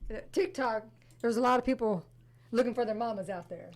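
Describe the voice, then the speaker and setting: A woman's voice: a little high, brisk, a crowd in the background. A woman co-hosting a casual film review chat with her husband, dropping dry jokes into the talk. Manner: dry joking interjections. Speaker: co-host, host's wife.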